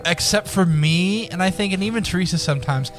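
A man hosting a casual podcast chat in a booth with friends, animated and quick to laugh, often repeating his words. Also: high voice, soft background music. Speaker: podcast host. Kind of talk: casual group chat watching videos. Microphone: studio booth mic.

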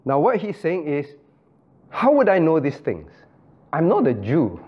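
A man's voice: fairly high pitch, huge pitch swings, measured pace, dull audio. A man, a pastor, leading an interactive Bible study, calling on listeners by name, repeating phrases and acting out quoted dialogue.

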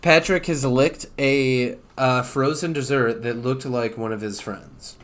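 A man talking casually on a podcast, retelling a cartoon episode with a laid-back, dry sense of humor. He drops in side comments and reads out details he has looked up. His voice sits at an ordinary pitch. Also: unhurried. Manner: relaxed, adds dry asides and looks up details. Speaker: podcast co-host.

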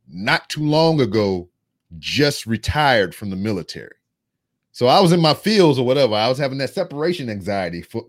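A man in his thirties, a podcast co-host, telling a long, profane story in casual chat. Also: mid-range voice.

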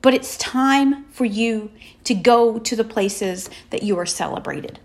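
A woman giving a faith-based motivational talk, speaking in emphatic, repeated affirmations with slow, drawn-out pauses. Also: a little high, darkish tone.

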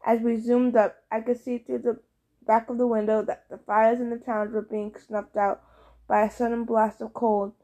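A woman narrating a first-person audiobook, lively and expressive. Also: a little high, normal speed.

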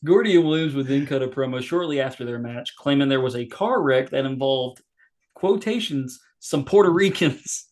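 A man co-hosting a podcast, recapping an old match in a relaxed, amused way. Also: mid-range voice, fairly quick. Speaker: podcast co-host. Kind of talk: casual commentary.

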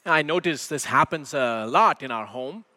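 Male pastor, sermon, higher bright voice, long hall reverb. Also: lively intonation. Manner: measured, emphatic, asks rhetorical questions. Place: church sanctuary.

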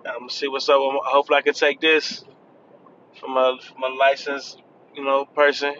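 A man's voice: mid-range voice, monotone, moderate pace, sharp tone, muffled recording, slight background noise. A man of thirty talking in a casual, chatty vlog from his car, laughing and admitting he is nervous. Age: 30s. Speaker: vlogger. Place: in a car on the freeway.

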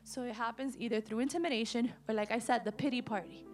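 A woman in her thirties preaching a sermon to young people, animated and emphatic. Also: fairly high pitch, quick pace. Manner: animated, acts out quotes, rising to emphatic declarations. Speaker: youth preacher.

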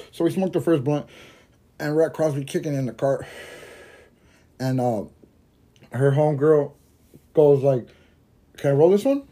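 A man hosting a podcast, telling a rambling, swear-filled story while high and laughing at his own jokes. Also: dark tone. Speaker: podcast host. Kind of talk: casual storytelling monologue.

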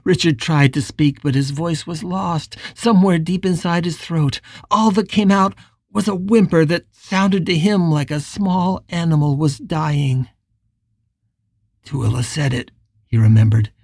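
Slow, low-voiced woman narrating an audiobook. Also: darkish tone, no room sound, clean studio sound.

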